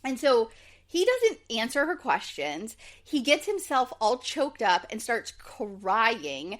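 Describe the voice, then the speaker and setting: Podcast co-host, woman, chatty recap voice, lively up-and-down pitch, a bit high. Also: takes it slowly. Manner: chatty, quotes people in lively voices, says like and um a lot. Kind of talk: casual recap chat.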